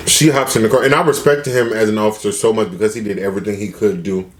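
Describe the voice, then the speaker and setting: A man's voice: on the low side, fast, slight background noise. A man retelling a story casually for a food vlog, acting out the people he quotes. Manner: animated, acts out quotes with shifting voices. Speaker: mukbang vlogger.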